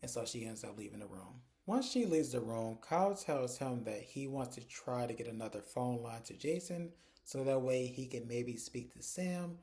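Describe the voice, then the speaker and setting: A man with a mellow, warm voice talks through a TV episode scene by scene. His delivery is loose and conversational, linking each event to the next with "and so" and "like". He sits at a middling pitch, neither deep nor high. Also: lively intonation, moderate pace, few pauses. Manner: chatty storytelling, strings events with "and so" and "like". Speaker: TV episode reviewer. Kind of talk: casual episode recap.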